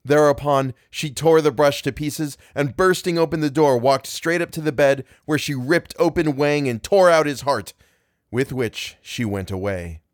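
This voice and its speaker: A man's voice: fairly high pitch, normal speed, no echo. Man narrating a classic tale, dry close sound. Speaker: podcast narrator.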